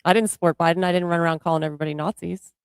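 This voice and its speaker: A woman's voice: lowish voice, fairly even intonation, racing, clear, resonant tone, dry recording. A woman co-hosting a livestream in casual political chat, bluntly answering chat comments. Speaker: co-host of a livestream.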